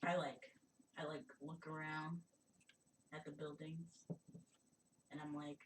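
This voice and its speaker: A woman playing in a tabletop game, describing her actions hesitantly and trailing off into fillers. Her voice is very low and she speaks slowly. She sits far from the mic, with faint noise behind her. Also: level tone. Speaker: player. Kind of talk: casual role-play as a player.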